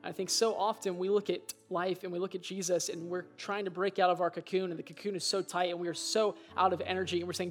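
Earnest high-voiced male pastor. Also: little pitch movement, fast, hardly any pauses, soft background music. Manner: earnest, reflective storytelling with quoted voices. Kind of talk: sermon.

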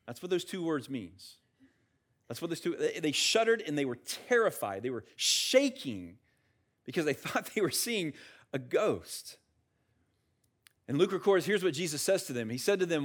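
A man preaching a sermon in a conversational, animated way, asking the listeners questions and acting out the words of biblical figures. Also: a little high, moderate pace. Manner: acts out quotes of biblical figures. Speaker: pastor.

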